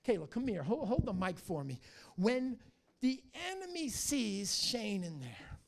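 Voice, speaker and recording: A middle-aged man preaching a sermon in a church, telling stories with animated energy and frequent restarts. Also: high voice, measured pace, gravelly. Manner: animated storytelling, restarts and stammers. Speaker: pastor.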